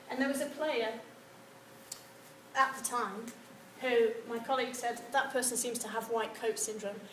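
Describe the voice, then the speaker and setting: A woman giving a university lecture, animated and acting out example replies. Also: sits high. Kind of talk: lecture on research methods. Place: lecture hall. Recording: echoey lecture room with some background noise.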